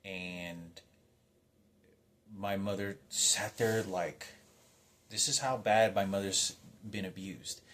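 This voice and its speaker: A man's voice: low voice, slow pace, pauses often, a bit bright. A man telling a personal story in a rambling, emotional monologue, restarting sentences and swearing heavily. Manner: agitated, rambling, heavy swearing.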